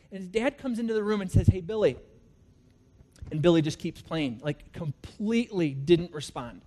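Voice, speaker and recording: A man preaching a sermon, telling stories in an animated way and swinging from loud to hushed. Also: sits high. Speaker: pastor.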